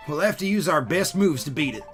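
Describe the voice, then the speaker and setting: A man's voice: a little high, lively intonation, a little fast, fairly bright tone, faint music behind. A man voicing a helpful, folksy male Nuzleaf with an American Southern accent, reading the game dialogue aloud. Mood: folksy advice. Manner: folksy, drawling, exclamatory.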